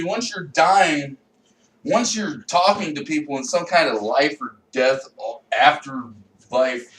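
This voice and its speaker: A man doing a rambling, profane comedy rant, bursting into loud shouting. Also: mid-range voice. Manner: swings into loud shouted outbursts; profane, rambling, self-mocking. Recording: echoey room, voice a bit far from mic, faint noise.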